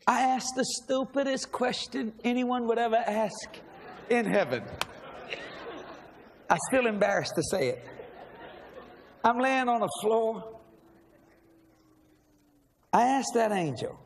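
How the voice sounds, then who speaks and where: A middle-aged man, a minister telling his story in an animated sermon, breaking into shouts. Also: high-pitched. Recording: live hall reverb with faint crowd.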